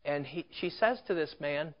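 A man's voice: a little high, normal speed. A man preaching a sermon as a story, conversational, with rhetorical questions and asides. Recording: dull lo-fi recording.

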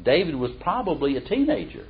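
A middle-aged man giving a conversational sermon in a folksy, animated way, who reads verses aloud with emphasis. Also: fairly high pitch, a little fast. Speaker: preacher or Bible teacher. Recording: dull lo-fi recording.

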